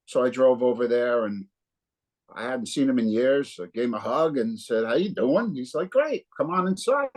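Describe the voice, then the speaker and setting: A man's voice: medium pitch, moderate pace. A man in his fifties from New Jersey, a guitarist telling stories in a casual interview and acting out the dialogue with a lot of swearing. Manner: animated, profane storyteller acting out dialogue. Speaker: guest guitarist.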